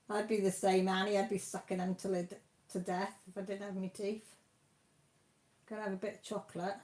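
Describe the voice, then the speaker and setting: Here the same Welsh host talks at a normal pace with a medium, fairly flat pitch, pausing often, her tone fairly bright. Broadcasting live from home, she chats loosely and reads out comments from viewers, slangy and homely, with the occasional mild curse.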